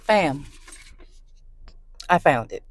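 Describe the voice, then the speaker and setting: Low-voiced woman ranting on her vlog. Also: drawn-out words, husky. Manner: animated, conversational, emphatic storytelling. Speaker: book vlogger. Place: in her car.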